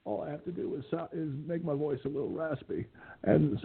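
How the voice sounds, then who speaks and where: A man's voice: on the high side, lively intonation, a little fast, vocal fry, breathy edge. A man hosting an internet radio show, chatting casually and rambling with plenty of fillers. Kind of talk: casual chat. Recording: phone-like lo-fi line.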